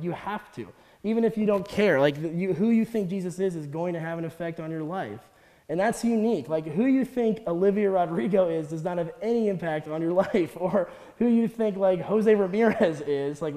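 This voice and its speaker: A young man giving a casual, chatty sermon as a guest speaker, animated, laughing often and acting out quotes. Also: high voice. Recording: long hall reverb.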